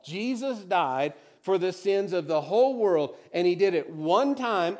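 A man preaching a sermon, reading scripture aloud and then explaining it conversationally, dropping to quiet emphasis on key words. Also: high voice. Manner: animated, drops to quiet emphasis. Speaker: pastor.

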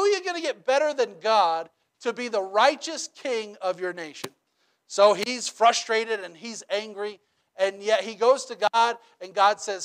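A man's voice: sits high, measured pace. A man preaching a sermon in a casual, conversational way, often checking in with "right?" and telling stories with humor. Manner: conversational, checks in with rhetorical questions; animated storytelling with humor. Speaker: pastor.

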